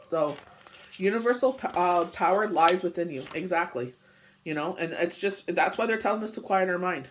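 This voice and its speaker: Man, high voice, casual tarot reader, rambling, filler-heavy, recovering from a cold. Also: expressive, moderate pace, a bit bright, slight background noise. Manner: rambling, full of "you know" and "it's just like". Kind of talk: casual daily tarot reading.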